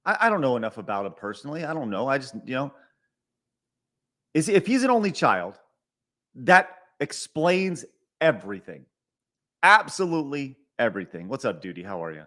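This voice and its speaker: Reading viewer donations on his live stream, this middle-aged podcast host rants with exasperation, swearing, repeating himself and constantly stuttering and starting over. His medium-pitched voice swings widely in pitch, moves at a normal speed with frequent pauses, and sounds fairly bright.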